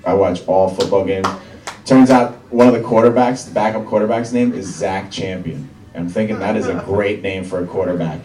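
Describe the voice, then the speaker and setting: A young man doing a stand-up routine in a comedy club, with deadpan, dry one-liners. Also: fairly low pitch. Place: comedy club with live audience. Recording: roomy club sound from a distant mic, crowd laughter.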